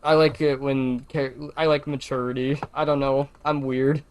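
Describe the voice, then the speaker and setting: A man's voice: medium pitch, little pitch movement, moderate pace, a little mellow, a little hiss or hum. A man co-hosting a podcast in casual chat, talking with a Valley Girl inflection. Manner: chatty, self-described Valley Girl inflection. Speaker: podcast co-host.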